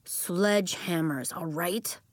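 A woman's voice: slow, no echo. A woman voicing a sullen, mumbling schoolboy in a children's audiobook. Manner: low, muttering and reluctant.

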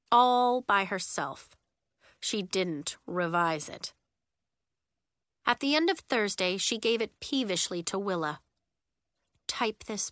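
A woman narrating a children's chapter book in a clear, even storytelling manner. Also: medium pitch, no room sound, studio quality. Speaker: audiobook narrator.

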